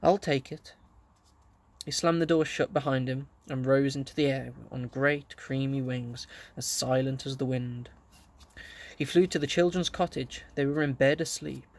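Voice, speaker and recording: A man reading a children's story aloud, gently telling it and lightly voicing the characters. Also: mid-range voice, fairly even intonation, moderate pace. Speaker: audiobook reader.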